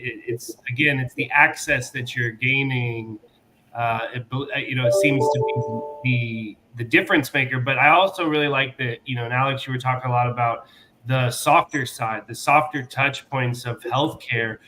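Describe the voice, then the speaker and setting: Folksy male host with a bright voice, faint background noise. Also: medium pitch, rough recording. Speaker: podcast host. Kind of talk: casual conversation.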